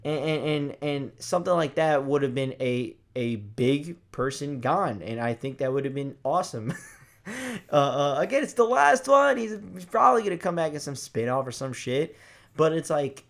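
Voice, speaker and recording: Young guy ranting about a movie he saw, swears a lot, kinda high voice, trips over his words. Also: moderate pace, gravelly. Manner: excited, profane, rambling with many restarts. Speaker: movie reviewer. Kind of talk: casual spoiler movie review.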